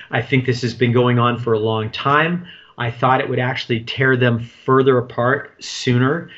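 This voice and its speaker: A man's voice: mid-range voice, fairly bright tone. Earnest male political co-host. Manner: earnest, halting restarts. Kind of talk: political talk commentary. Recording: dull lo-fi recording.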